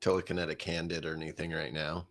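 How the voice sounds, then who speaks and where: A man's voice: extremely low pitch, level tone, fast, a bit bright. A man talking as a player in a tabletop game, wryly thinking aloud about his options. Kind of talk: casual tabletop game play.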